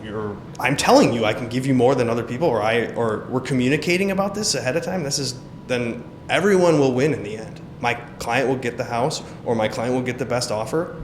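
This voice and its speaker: Animated man telling a deal story. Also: medium pitch, a little fast, hardly any pauses, a little hiss or hum. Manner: animated, acts out quoted dialogue. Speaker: realtor guest. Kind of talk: casual interview storytelling.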